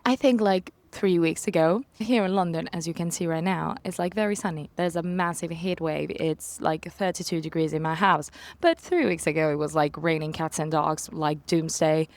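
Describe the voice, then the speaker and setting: A young woman telling a story in a casual vlog, animated, acting out her own quotes. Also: low voice, moderate pace, few pauses. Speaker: vlogger. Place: home in London.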